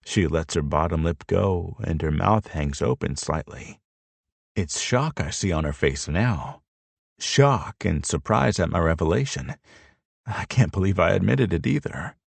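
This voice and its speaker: A man's voice: sits low, lively intonation, unhurried, creaky, husky, dry recording. A man narrating an audiobook in first person, with a reflective, tender storytelling manner.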